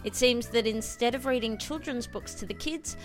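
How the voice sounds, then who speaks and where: A woman's voice: on the high side, normal speed, faint music behind. A woman working as a radio show's editor, reading listener feedback with dry teasing.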